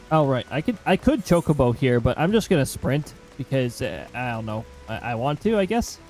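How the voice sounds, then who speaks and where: A man's voice: mid-range voice, very animated, moderate pace, few pauses, a little mellow, faint music behind, poor audio. A man streaming a game, chatting casually with rambling asides.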